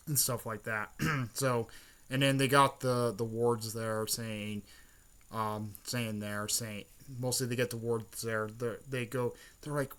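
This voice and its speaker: A man casually retelling a fan-made story, rambling, with many fillers and frequent throat-clearing. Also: medium pitch, level tone, slow pace, fairly bright tone.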